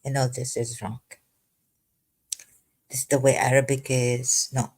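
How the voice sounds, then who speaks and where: Slow, halting commentator with a cough. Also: mid-range voice, flat delivery, darkish tone. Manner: halting, repeats words and restarts often; slow and deliberate, dwells on single words. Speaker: religious commentator. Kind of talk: informal commentary on a scripture verse.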